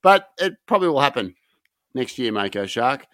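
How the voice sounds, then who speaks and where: A man's voice: mid-range voice, very animated, moderate pace, fairly bright tone, no echo, studio quality. A man co-hosting a podcast, bantering crudely and rambling, breaking into mocking impressions. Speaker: podcast co-host. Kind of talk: casual banter about boxing.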